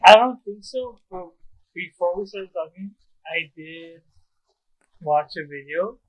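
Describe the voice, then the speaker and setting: A man's voice: sits high, expressive, measured pace, dull audio. A young man co-hosting a podcast, chatting casually and enthusiastically, laughing often. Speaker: podcast co-host. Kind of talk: casual chat.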